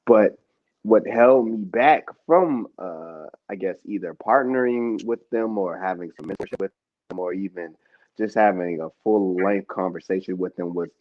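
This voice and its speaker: A young man, a rapper co-hosting a casual group chat, talking in a relaxed, halting way with many fillers. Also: low-pitched, no echo, dull audio. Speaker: co-host, rapper.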